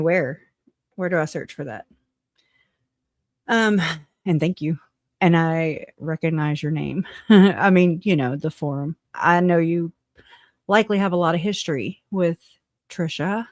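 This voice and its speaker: A woman's voice: deep voice, no echo, studio quality. A woman hosting a casual livestream, talking bluntly with swearing and frequent laughter between remarks. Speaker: livestream host.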